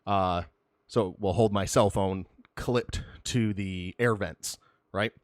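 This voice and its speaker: A man's voice: low-pitched, fairly even intonation, slow pace, no room sound, clean studio sound. A young man co-hosting a podcast, telling rambling, self-deprecating road stories in casual chat. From Michigan. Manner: rambling storyteller, self-deprecating, laughs often. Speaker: podcast co-host.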